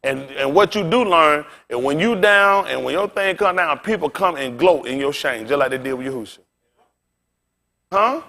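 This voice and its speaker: A male pastor with a slightly higher voice preaches in a loose, conversational way. His pitch and volume climb and drop sharply. He keeps turning to the congregation with direct asides. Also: animated, moderate pace, creaky. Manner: casual preaching with big swings in pitch and loudness. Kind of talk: sermon.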